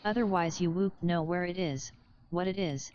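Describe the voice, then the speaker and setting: A woman's synthetic voice reading out viewers' chat messages in a flat manner. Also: on the low side, normal speed. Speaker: text-to-speech chat reader. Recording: dull lo-fi sound with faint hiss.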